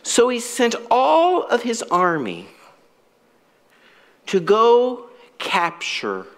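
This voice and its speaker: Slow, lively-voiced preaching pastor, a man. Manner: dramatic storytelling, acts out quoted characters; slow, deliberate preaching with wide swings in pitch and loudness. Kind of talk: sermon.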